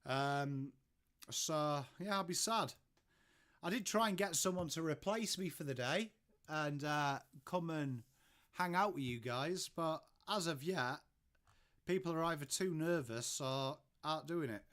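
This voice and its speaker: An English-accented man with a fairly high, somewhat bright voice speaks at a measured pace. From his home he hosts a laid-back live-stream watchalong, reacting to viewer messages and greeting people by name.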